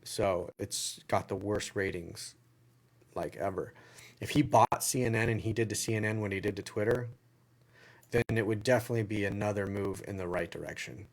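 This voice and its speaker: A man's voice: fairly low pitch, moderate pace. Southern US man, livestream Q&A host, casual and rambling, circles back on his own phrases. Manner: rambling, repeats phrases and restarts.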